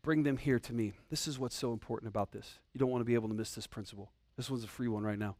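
A man's voice: on the low side, steady tone, rapid-fire, darkish tone, no room sound. A man preaching a sermon in a casual, humorous way, with slang asides to his congregation. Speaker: pastor.

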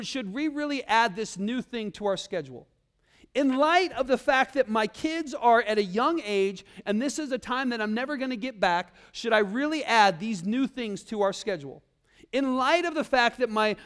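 High-voiced man preaching with emphatic repetition. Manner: emphatic preaching with repeated phrases and swings from loud to quiet. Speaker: pastor. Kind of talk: sermon.

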